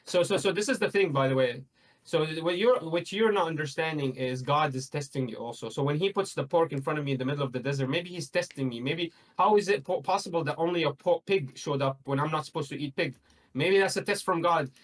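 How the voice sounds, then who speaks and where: A man's voice: on the high side, quick pace, low-quality recording. Insistent man arguing with rising bursts. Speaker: guest. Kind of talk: heated debate on religion and morality.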